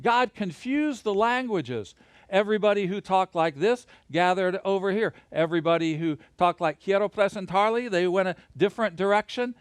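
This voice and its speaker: A man teaching a Bible lesson to a camera, animated and playful, leading hand motions. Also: high voice, normal speed, smooth, no echo, clean studio sound. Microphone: camera mic.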